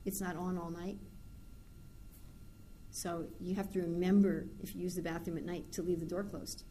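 A woman's voice: on the low side, little pitch movement, normal speed, mellow, a little hiss or hum. A woman giving an informal scripture class, talking conversationally and acting out everyday dialogues. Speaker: spiritual teacher.

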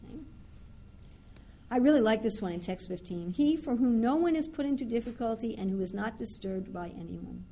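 A woman's voice: fairly high pitch, animated, brisk, mellow. A woman giving an informal scripture class, talking conversationally and acting out everyday dialogues. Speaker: spiritual teacher.

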